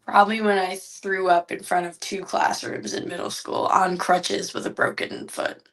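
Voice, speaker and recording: A woman's voice: medium pitch, level tone, normal speed, fairly bright tone. A woman from New York State, an easygoing podcast guest who laughs along in casual chat.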